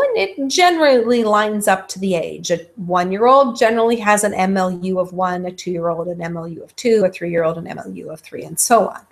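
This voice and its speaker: Woman lecturing with lots of ums. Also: medium pitch. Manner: frequent ums, demonstrates baby sounds. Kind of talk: recorded university lecture.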